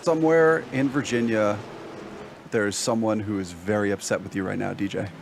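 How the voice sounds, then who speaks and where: A man giving relaxed, explanatory color commentary on a sim race, breaking down passes and racing lines. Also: lowish voice, normal speed, gravelly. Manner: relaxed, explanatory analysis with fillers. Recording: noticeable background noise.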